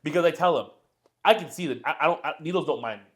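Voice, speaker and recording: A young man on a podcast, talking fast and loose. He rambles and swears freely, and he acts out the other people in his stories. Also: a little high. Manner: rambling and profane, acts out quoted voices. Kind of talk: casual chat, storytelling.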